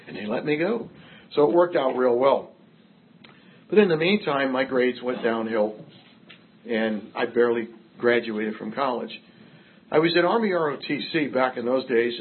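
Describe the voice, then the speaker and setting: A man's voice: medium pitch, narrow, tinny audio, a little hiss or hum. Wry older man telling his story. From Massachusetts. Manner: wry storytelling, self-mocking humor. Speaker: recovery speaker. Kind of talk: personal recovery story told to a group.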